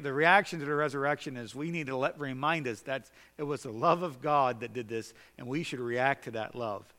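A man preaching a sermon in an earnest way, swinging between loud exhortation and quiet questioning. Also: medium pitch, moderate pace, long reverb tail.

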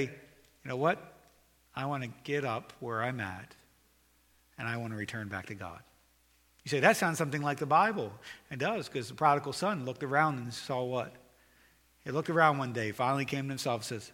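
Male pastor, sermon delivery, urgent to hushed and earnest, ringing voice in a big reverberant room. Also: mid-range voice, lively intonation, normal speed. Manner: preaching, swings from loud urgent calls to quiet earnest appeal.

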